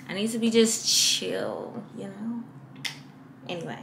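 A young woman chats to her camera in a casual vlog, slangy and unhurried, as if talking to friends. She keeps a relaxed, slow pace and speaks at an average pitch. A faint noise sits under her voice. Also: creaky. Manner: chatty, slangy, talks straight to viewers as "y'all". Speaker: vlogger.

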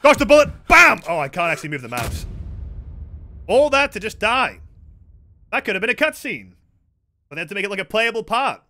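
A man's voice: high voice, sing-song, a little fast, long pauses, pushed and bright. A young man streaming a video game with rambling, joking, profane commentary. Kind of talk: casual gameplay commentary.

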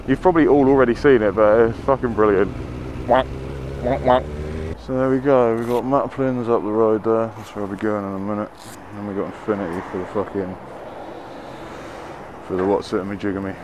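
A man's voice: lowish voice, fairly even intonation, fairly quick, muffled recording. Man, motorbike vlogger, foul-mouthed ranting, road and wind noise behind. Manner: sweary, ranting, shouts at other traffic. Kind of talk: casual riding commentary. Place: riding a motorbike on town roads. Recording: noisy wind and traffic.

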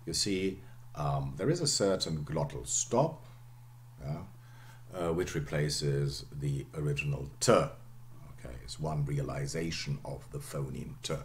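Middle-aged male lecturer, very low voice, animated delivery, lots of "okay". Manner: explanatory, frequent "okay" and "um", voice drops low at phrase ends. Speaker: university lecturer.

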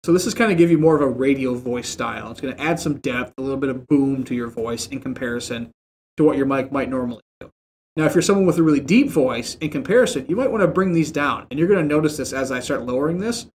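A man's voice: medium pitch, quick pace, darkish tone, slight background noise. A man hosting a casual how-to video, chatty and informal, talking straight to the viewer from a home setup. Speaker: tech tutorial host. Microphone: desktop mic with processing plugins.

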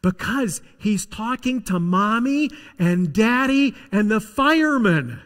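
A man voicing a small boy in a hushed whispered role-play, soft and faint, with a little giggle in it. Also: high voice, sing-song, slow pace, long reverb tail, full character voice. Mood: matter-of-fact.

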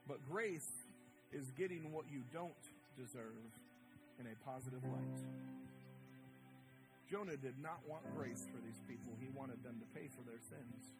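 A male pastor preaching a sermon in a church, animated, swinging his pitch wide as he acts out the people in the story. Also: a little slow, long pauses, over loud music. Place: church sanctuary.

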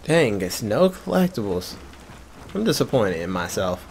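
A man's voice: fairly low pitch, very animated, a little slow, slight background noise. A tired young man giving casual, rambling gameplay commentary. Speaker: gamer.

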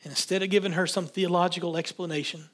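A man preaching a sermon in a relaxed, conversational way, reading scripture aloud and stopping to comment on it. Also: sits high, fast. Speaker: pastor.

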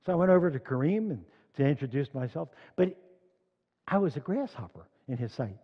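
An older man preaches to a congregation, mixing personal stories with scripture that he reads out loud and strong. His voice sits a little high for a man. The recording is muffled and rings with long reverb from a large hall. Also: big pitch swings, a little fast. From Philadelphia. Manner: storytelling, rising loud when reading scripture. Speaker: congregation leader. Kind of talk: sermon. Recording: dull echoey church hall recording.

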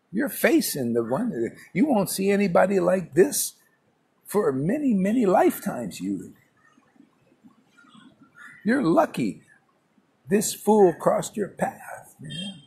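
A man with a high, creaky, slightly mellow voice and a breathy edge speaks slowly, pausing often, with huge pitch swings. As a spiritual teacher giving an informal morning class in a public place, he scolds brashly and colloquially, saying "man" to his listener again and again.

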